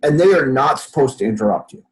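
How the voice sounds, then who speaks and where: A podcast guest tells a story quickly in a medium-pitched voice, captured on a rough recording. In this casual interview he's an animated storyteller, acting out other people's lines as he goes.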